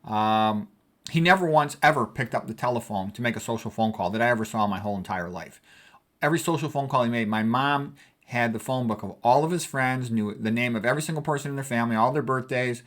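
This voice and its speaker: A man's voice: mid-range voice, quick pace. Older American man reminiscing casually. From United States. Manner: rambling, conversational, warm reminiscing. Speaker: physician vlogger. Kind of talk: casual talk over family photos.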